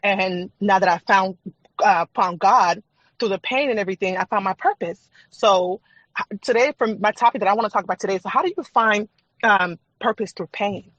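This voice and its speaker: A woman's voice: medium pitch, normal speed, fairly bright tone, no room sound, lo-fi sound. A woman guest on a podcast, a faith and trauma coach, telling her personal story in an earnest, candid, chatty way. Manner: earnest, candid, chatty with frequent fillers and laughs.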